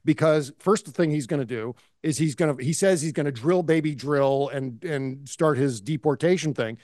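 Man, podcast co-host, indignant, impassioned, slightly high voice, dry sound. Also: normal speed, darkish tone, dry recording. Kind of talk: casual political chat.

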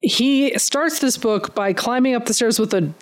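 A chatty co-host with a smooth, clean voice at a middle pitch, jumping in with quick riffs and jokes. The delivery is loose and conversational. Nothing about it sounds scripted. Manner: chatty, quick to riff and joke. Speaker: podcast co-host. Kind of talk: casual comedic chat recapping a comic.

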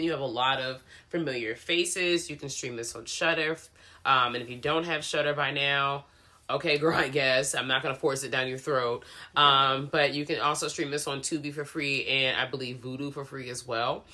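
A woman's voice: very deep voice, moderate pace, pushed and bright. A young adult woman co-hosting a podcast, giving sassy, joking film picks in casual chat. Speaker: podcast co-host.

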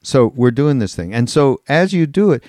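A man's voice: medium pitch, big pitch swings, normal speed, darkish tone, dry recording, clean studio sound. A man co-hosting a podcast, telling loose, rambling anecdotes in casual chat, laughing and swearing as he goes. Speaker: podcast co-host.

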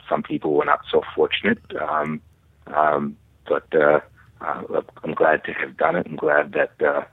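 A middle-aged man from the Boston area, a guest calling in, halting with many restarts and dry humor. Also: extremely low pitch, breathy edge, dry recording. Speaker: guest caller. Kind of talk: casual chat over phone. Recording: tinny phone line.

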